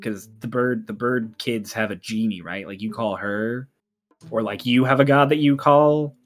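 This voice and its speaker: A man with a mid-range voice narrates at a moderate pace as dungeon master in a casual tabletop session, with faint music behind him. He swears, jokes with the players and puts on NPC voices.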